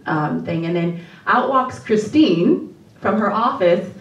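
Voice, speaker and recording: An actress on a post-screening panel tells an animated story, laughing and acting out the voices she quotes. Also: mid-range voice, slow, dull audio. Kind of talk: storytelling at a live Q&A. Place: screening room before an audience. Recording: roomy hall, distant mic.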